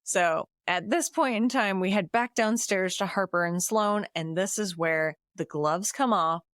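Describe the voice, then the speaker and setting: A woman's voice: mid-range voice, measured pace, no room sound, clean studio sound. A woman podcast co-host giving a casual, chatty recap of a movie's plot, often laughing and quoting the characters. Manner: lively retelling with laughs and quoted lines.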